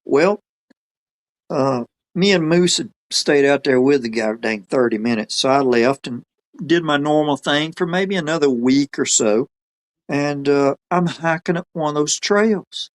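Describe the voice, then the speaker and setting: A man's voice: on the high side, a little slow. A man telling a story in a rambling, folksy way, quoting people as he goes. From Alabama. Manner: folksy, rambling, quotes others in his own voice. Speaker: podcast guest telling a story. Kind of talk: casual storytelling.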